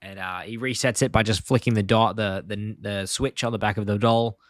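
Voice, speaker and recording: A man's voice: lowish voice, steady tone, a little fast, dry recording, studio quality. A man co-hosting a podcast, casually retelling a cartoon episode scene by scene, quoting lines and laughing often. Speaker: podcast co-host. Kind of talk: casual chat recapping an episode.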